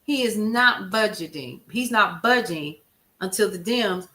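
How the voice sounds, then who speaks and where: Bright-voiced woman hosting a live stream. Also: medium pitch, lively intonation, unhurried. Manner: emphatic, conversational, addresses viewers as "y'all". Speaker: livestream news show host. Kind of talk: casual livestream chat, answering viewer comments.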